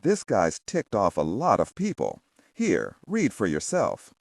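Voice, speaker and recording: A man playing a gruff, bossy police captain. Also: on the low side, wildly swooping pitch, measured pace, dry recording, studio quality, full character voice. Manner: blunt, pushy, rhetorical questions.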